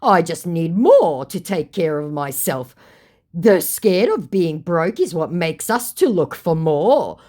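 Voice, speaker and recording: A woman's voice: fairly low pitch, sing-song, takes it slowly, dark tone, full character voice. A woman putting on the voice of a pleading, indignant male online scammer, whiny and protesting in broken English.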